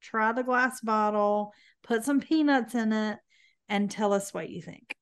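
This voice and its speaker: A woman's voice: on the high side, measured pace, clear, resonant tone. A woman, co-hosting a podcast in casual chat, playful and sarcastic. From American South. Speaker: podcast co-host.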